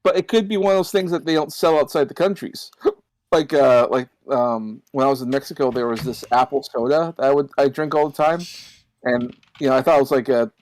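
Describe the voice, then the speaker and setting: A man's voice: mid-range voice, fairly even intonation, a little fast, a little mellow. A man chatting casually on a stream, telling a meandering story with a hiccup interrupting his speech. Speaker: guest on a stream. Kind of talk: casual chat.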